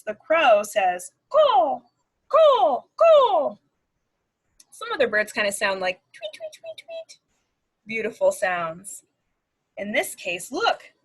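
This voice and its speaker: A woman speech therapist reading a picture book aloud to preschoolers, animated and sing-song, making animal sounds. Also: medium pitch, slightly rough, poor audio. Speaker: speech-language pathologist. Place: at home.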